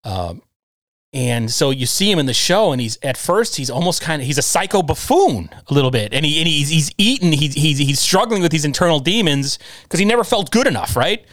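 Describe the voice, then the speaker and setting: A man's voice: fairly high pitch, big pitch swings, a little fast, a bit bright, no echo. A man co-hosting a casual chat show, talking emphatically and ranting straight at his listeners.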